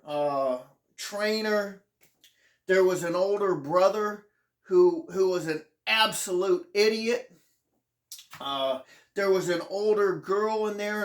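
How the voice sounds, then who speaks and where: A host recounting a hard personal memoir at an unhurried, drawn-out pace. The delivery is earnest and halting, with sentences restarting as the emotion surfaces, close to tears at times. The pitch sits in a middle range. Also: roomy sound. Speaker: channel host.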